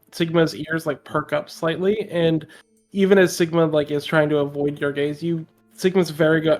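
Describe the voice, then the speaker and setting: A tabletop game player who describes their character in halting, filler-filled sentences. The voice sits at a middle pitch.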